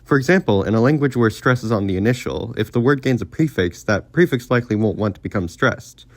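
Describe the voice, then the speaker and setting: Man, lowish voice, scripted explainer narration, steady and informative, dry close mic. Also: quick pace, no room sound. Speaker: educational video creator.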